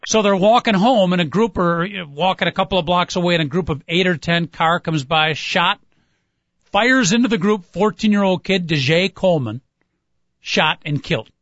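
A man co-hosting a sports talk radio show, retelling events in an earnest, measured way. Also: sits high, a bit bright, no room sound. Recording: dull lo-fi, dry.

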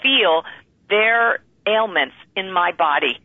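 A guest answers interview questions calmly and with assurance, in a mid-pitched voice. The sound is thin and tinny, like a phone call, and dry. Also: slow, dry recording. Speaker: guest medium. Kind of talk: conversational interview.

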